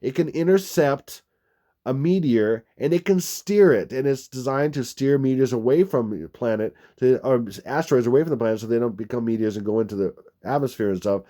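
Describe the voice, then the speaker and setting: A man's voice: medium pitch, fairly quick, mellow. A middle-aged man hosting his own video, talking through a screen he shows, rambling and repeating himself with emphatic restarts. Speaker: video channel host. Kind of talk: casual screen-share commentary.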